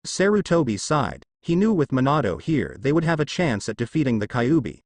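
Man narrating with a lively pitch. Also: a little fast, a little hiss or hum. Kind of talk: fanfiction audiobook reading.

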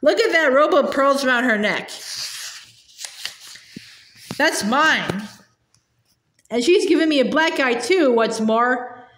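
Lady doing a huffy fat shopkeeper, loud and accusing, kinda high, roomy echo. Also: animated, slow, long pauses, exaggerated voice. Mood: indignant. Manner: indignant, shouting accusations. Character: blustering stout London shopkeeper man.

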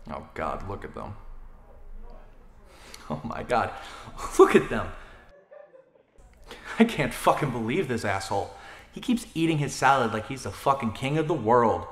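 A man's voice: medium pitch, lively intonation, brisk, a bit bright, reverberant, lightly acted. A young actor playing a man irrationally enraged by sports fans, swearing constantly and muttering until he bursts into screaming. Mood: seething. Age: young adult. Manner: profane, seething muttering that erupts into screaming. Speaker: lead actor in a comedy short film. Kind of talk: comedy film acting.

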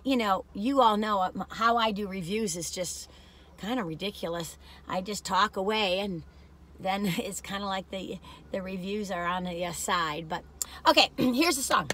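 A woman's voice: mid-range voice, sharp tone. A woman chatting casually while driving in her car, rambling and poking fun at herself, her voice worn out. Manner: rambling, chatty, self-deprecating. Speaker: vlogger.

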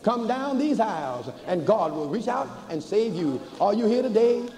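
An older man, a bishop preaching a sermon to a church congregation, folksy and humorous, slowing to chanted emphasis. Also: sits high, very animated, dark tone. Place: large church before a congregation. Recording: hall reverb with faint ambience, cassette.

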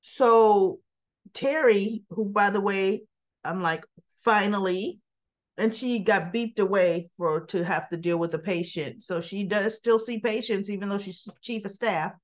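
Speaking unhurriedly at a medium pitch, a soap opera reviewer walks through a daytime soap episode in a casual, animated recap. She voices the characters' lines as quoted dialogue, and the lo-fi recording sounds slightly dull.

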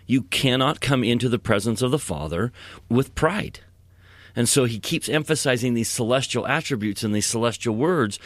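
A man's voice: mid-range voice, fairly bright tone, no room sound. A man co-hosting a scripture podcast, explaining earnestly and reading verses at length. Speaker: podcast co-host. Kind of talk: casual scripture discussion.

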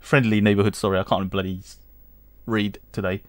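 A man's voice: on the low side, level tone, brisk, dry recording. A man giving casual let's-play commentary, reading game text aloud, rambling, humming and chuckling as he goes. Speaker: gaming channel host.

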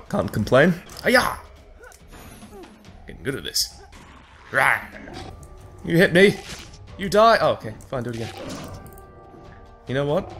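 A man hosting a let's play, giving sarcastic, swearing running commentary on a game as he plays it. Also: mid-range voice. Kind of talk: gameplay commentary.

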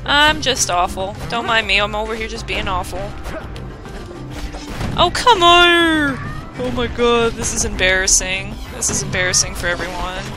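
A woman's voice: mid-range voice, moderate pace, music in the background. A woman giving live gameplay commentary as a let's play host, exclaiming and mocking her own mistakes.

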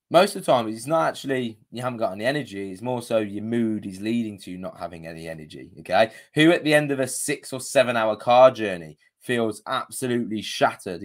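A man coaching viewers on a live video, chatty and casual, often checking in with "okay?", his voice a bit worn. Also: mid-range voice. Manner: chatty, punctuates with "okay?" and "you know". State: slightly losing his voice. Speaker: diabetes coach.

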